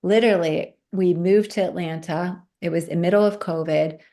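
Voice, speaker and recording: A woman's voice: lowish voice, normal speed. A woman guest telling a personal story in a casual chat, acting out the voices of the people in it. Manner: animated, acts out quoted voices.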